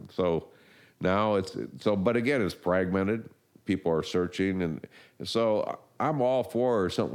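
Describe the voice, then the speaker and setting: Deep-voiced older man, rambling. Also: smooth. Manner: rambling, animated storytelling with restarts. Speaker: marketing guest. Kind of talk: casual interview talk.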